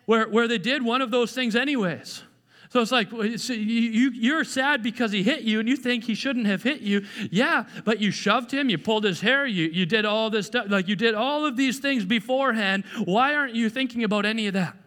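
Speaking fairly quickly in an extremely high voice, this pastor delivers his sermon in a conversational style, often restarting and repeating himself. He's animated and performs the quoted voices. The hall around him is echoey.

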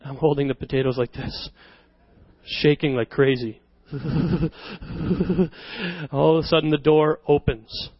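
A man preaching a sermon to his church, telling a personal story as an animated storyteller who often laughs at himself. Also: on the high side, measured pace, pauses often. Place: church service. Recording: slightly dull recording with worship music behind.

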